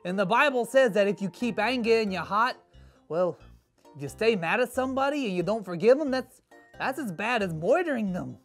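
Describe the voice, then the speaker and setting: A performer voicing a sarcastic, easily annoyed kid character in a kids' church skit, grumbling in a dry, deadpan way, with faint music behind. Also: medium pitch, brisk, close to an everyday voice. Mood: sheepish.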